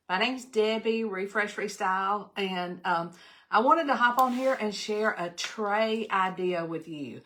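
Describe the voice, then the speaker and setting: A woman's voice: on the high side, bright, forceful tone. An older woman with a Southern American accent, hosting a casual live craft demonstration and chatting folksily with viewers as she works. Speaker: craft livestream host.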